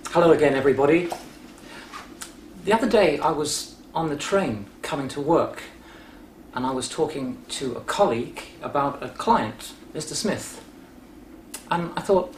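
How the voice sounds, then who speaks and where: A man teaching English grammar by telling a short story, patient, clear and deliberate. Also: a little high, animated. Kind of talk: explaining grammar through a story. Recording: roomy echo with faint background noise.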